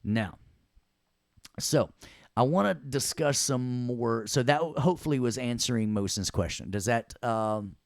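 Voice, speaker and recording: A man's voice: mid-range voice, expressive, a little slow, creaky, dry recording, clean studio sound. A man teaching an audio production class in a chatty, self-mocking way, grumbling at his computer. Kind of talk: classroom lesson.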